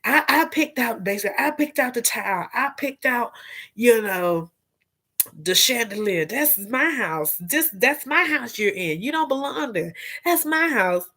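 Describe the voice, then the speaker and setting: A woman voicing an indignant jilted ex-girlfriend who insists over and over on what is hers, pitched higher and softer than her own voice. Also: animated, a little slow, heavily acted. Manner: insistent, repeating herself.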